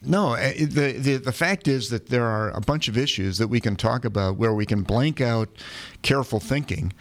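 A man hosting a relaxed discussion about politics. He talks in stops and starts, repeating words and restarting sentences as he thinks his way through each point. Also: mid-range voice. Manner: halting, repeats words while searching for phrasing. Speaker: podcast host.

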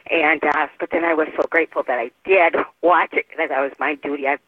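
A man's voice: fairly high pitch, fairly even intonation, brisk, no echo. A man calling in to a talk radio show, earnest and appreciative. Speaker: radio caller. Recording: tinny phone line.

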